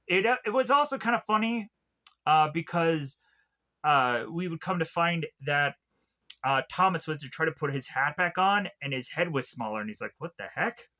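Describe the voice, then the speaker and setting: A man casually retelling a film's plot as a reviewer, rambling with lots of fillers and restarts. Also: moderate pace. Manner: mock-acts characters' lines with lively pitch jumps. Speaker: movie reviewer.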